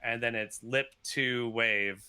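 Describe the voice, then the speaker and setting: A man speaks as a podcast guest over a video call, his voice bright and forward. The sound is dry and close with no room around it. He laughs often and talks in quick, rambling bursts full of restarts. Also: mid-range voice, steady tone, clean tone, no echo. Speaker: podcast guest, software developer. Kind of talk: casual video-call chat.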